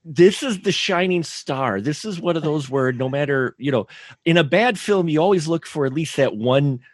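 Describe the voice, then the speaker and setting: A man's voice: fairly high pitch, animated, normal speed, no room sound, clean studio sound. A man co-hosting a casual movie podcast, enthusiastic and rambling. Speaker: podcast co-host. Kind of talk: casual movie review chat.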